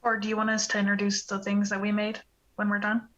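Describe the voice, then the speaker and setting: A woman playing a tabletop game, answering with sassy, quick retorts in casual chat. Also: mid-range voice, monotone, fairly bright tone, lo-fi sound. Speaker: player.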